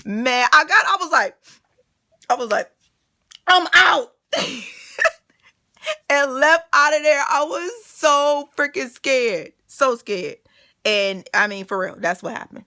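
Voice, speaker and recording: A woman vlogger telling a personal story in a casual, animated way, quoting people and piling up fillers. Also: high-pitched, measured pace. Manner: animated, full of fillers and restarts, quotes people.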